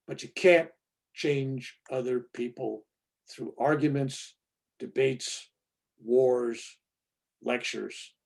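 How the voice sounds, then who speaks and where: Gravelly, husky-voiced male reverend. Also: mid-range voice. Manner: animated, acts out quoted voices. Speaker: reverend answering a question. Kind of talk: informal spiritual talk.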